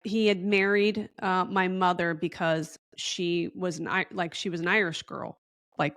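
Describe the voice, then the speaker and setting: A chatty woman rambles through a story, slipping into the voices of the people she quotes. Her voice sits on the low side. The sound is close and dry, with no room around it. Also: steady tone, measured pace, fairly bright tone, dry recording. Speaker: podcast guest. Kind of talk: casual storytelling interview.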